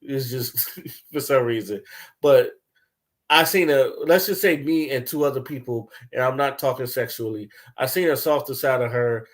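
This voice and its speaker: A young man ranting casually, telling loose, profane stories with lots of laughter and swings between loud bursts and low mumbles. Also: normal speed. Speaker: commentator. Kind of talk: casual rant.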